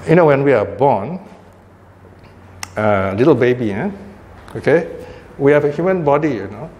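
A man's voice: mid-range voice, animated, moderate pace, a little mellow, muffled recording. An older man, giving an informal Buddhist dharma talk in a conversational manner and checking in with "you know" and "right?". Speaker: Buddhist teacher. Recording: hall reverb, faint ambient noise.

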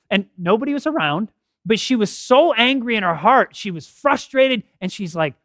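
A middle-aged man giving a health talk at a church podium, telling stories with lively acted quotes. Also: sits high, normal speed, no room sound, clean studio sound. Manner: animated storytelling with acted quotes. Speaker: health seminar speaker. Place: church hall. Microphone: podium mic.

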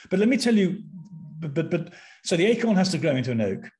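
An older man from Britain, a podcast guest, telling a personal story with animated intensity and frequent restarts. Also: fairly high pitch, fast talker, faint music behind.

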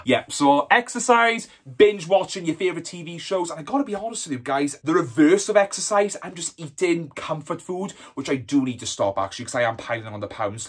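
A flamboyant Welsh YouTuber in his twenties runs through a casual Q&A vlog, swearing freely with camp, sassy energy. His fairly high, slightly rough, somewhat bright voice is expressive and leaps all over the place. He talks fairly quickly with few pauses.

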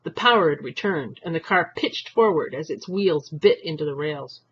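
A man's voice: fairly high pitch, normal speed, muffled recording, a little hiss or hum. A man reading a young adult novel aloud, narrating expressively. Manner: expressive reading, voicing thoughts and characters. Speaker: audiobook reader. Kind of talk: storybook narration.

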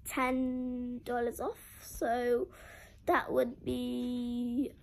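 A woman's voice: fairly high pitch, monotone, extremely slow, gravelly, darkish tone, poor audio. A young girl doing a casual clothing-haul vlog, chatty and full of "like", making a drama of her disappointment. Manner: chatty, heavy use of "like", dramatic about being sad. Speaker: vlogger.

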